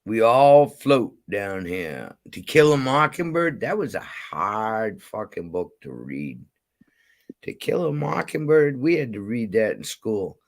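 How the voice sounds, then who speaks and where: A man's voice: on the low side, big pitch swings, unhurried, creaky. A man ranting and telling stories in casual chat, profane and rambling, heated at times. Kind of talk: casual storytelling rant.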